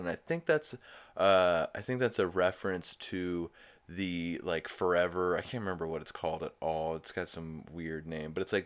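A man's voice: sits low, fairly bright tone, clean tone. A man hosting a podcast, giving a rambling, profane, amused recap of a cartoon episode. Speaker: podcast host.

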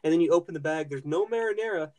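Talking rapid-fire in a slightly high, darkish voice, a young man hosting a podcast spins a meandering, curse-filled tale that keeps restarting and leans on fillers. There's a bit of background noise behind this loose, profane storytelling.

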